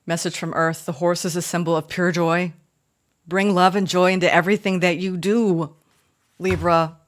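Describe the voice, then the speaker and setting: A woman tarot reader gives a spiritual reading, warm, effusive and emotional, choked up and tearful, calling her viewers y'all. Her voice is lowish, with fairly even intonation and a normal pace.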